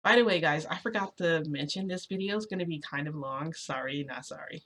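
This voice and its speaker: A woman's voice: deep voice, fairly quick, fairly bright tone. A woman vlogger tells a long story straight to camera. She rambles earnestly, stacking fillers and restarting her sentences, with a slightly agitated edge. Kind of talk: casual storytelling vlog.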